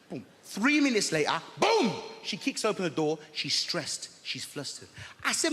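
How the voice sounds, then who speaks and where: A man's voice: sits high, very animated, fairly quick, sharp tone, a little hiss or hum. A man doing a stand-up set, telling a story and addressing the crowd. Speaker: stand-up comedian. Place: large theatre stage. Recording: live theatre with long reverb, faint crowd.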